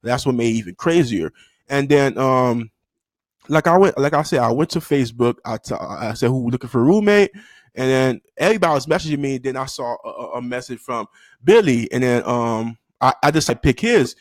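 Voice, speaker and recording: A young man telling a story to camera in a loose, slangy way, full of fillers and restarts, and breaking into high-pitched yelps when he acts out quotes. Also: animated, a little fast, no echo. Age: young adult. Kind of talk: casual storytime.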